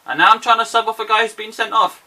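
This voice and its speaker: A young man with an excitable, self-mocking manner, commentating his own football video game match. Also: high voice, quick pace, distant mic, noisy background. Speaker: gaming YouTuber. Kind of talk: casual gameplay commentary.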